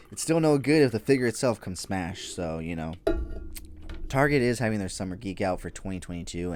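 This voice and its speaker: A man's voice: low voice, a little mellow, a little hiss or hum. A man hosting a toy news podcast, chatting casually and rambling with frequent fillers and casual swearing. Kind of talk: casual solo podcast chat.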